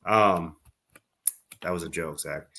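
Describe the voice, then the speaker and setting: A man with a fairly low voice co-hosts a casual podcast. He teases his co-host, then makes earnest motivational points and backs them with everyday examples. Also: slow, gravelly, bright, forceful tone.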